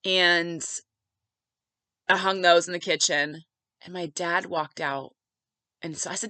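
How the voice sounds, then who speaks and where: A woman narrates her own family story in a bright, forward voice, close to the mic with no room sound. Her delivery is conversational and heartfelt, full of casual fillers. She speaks as the host of her own podcast. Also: fairly low pitch, fairly even intonation, slow, long pauses, dry recording, low-quality recording. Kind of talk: personal storytelling monologue.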